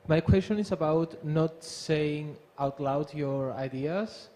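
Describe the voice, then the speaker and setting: A man in the audience politely asking a question, pausing as he thinks aloud. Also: fairly high pitch, dark tone.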